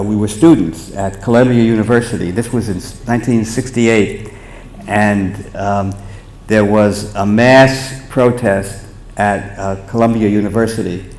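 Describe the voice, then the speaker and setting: An older man with a New York accent telling a halting anecdote from a theater stage, full of fillers and restarts. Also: on the low side, darkish tone. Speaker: memorial speaker. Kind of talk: storytelling anecdote at a memorial. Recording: roomy theater sound with faint ambience.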